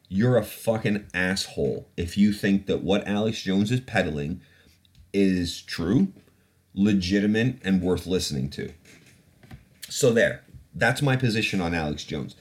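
A man's voice: on the low side, lively intonation, measured pace, a little mellow. A man hosting a podcast in a casual, heated rant, profane and mocking. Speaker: podcast host.

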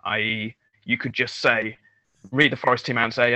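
Bright-voiced wry co-host. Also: male voice, medium pitch, steady tone, fairly quick. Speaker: co-host, quizmaster. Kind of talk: casual chat.

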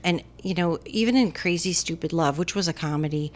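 A woman's voice: lowish voice, brisk. A woman co-hosting a casual movie chat, talking enthusiastically with many fillers. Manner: chatty, filler-heavy, enthusiastic. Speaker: movie talk co-host.

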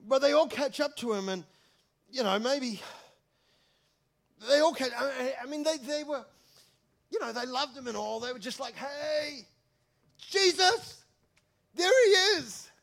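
A male pastor, preaching a sermon in an energetic, chatty, jokey storytelling way. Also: extremely high pitch, moderate pace, creaky, pauses often.

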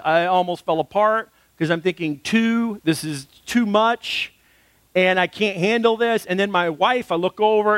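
Pastor, male, thirties, high voice, dry close sound, earnest storyteller. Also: a bit bright, no echo. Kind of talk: sermon.

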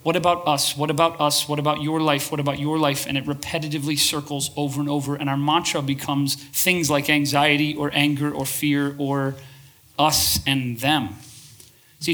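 A man preaching to a congregation in a bright, ringing voice that sits fairly high. He speaks with passion, often calls for a show of hands, and keeps restarting his phrases as he builds his point. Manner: passionate, asks the crowd for shows of hands. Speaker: pastor. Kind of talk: sermon to a live congregation.

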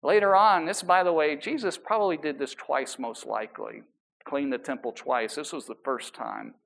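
A man preaching a sermon as pastor, emphatic and building, with relaxed conversational asides to the congregation. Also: on the high side, moderate pace, gravelly.

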